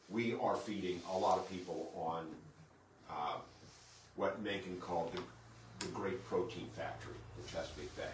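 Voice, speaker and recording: A low-voiced man gives a relaxed history lecture to an audience, walking through slides and asking himself questions he then answers. He sounds some way off the microphone in a roomy hall, with faint background noise. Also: recorded from a distance. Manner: conversational, poses and answers his own questions. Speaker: museum historian giving a lecture. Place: lecture room at a historic site.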